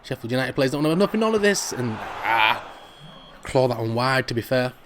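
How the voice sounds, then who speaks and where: A middle-aged man with a Jamaican accent, giving excitable, laughing commentary over a football video game. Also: mid-range voice, slight background noise. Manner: excitable, laughs often, drawn-out shouts over goals. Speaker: gaming commentator. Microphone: studio microphone.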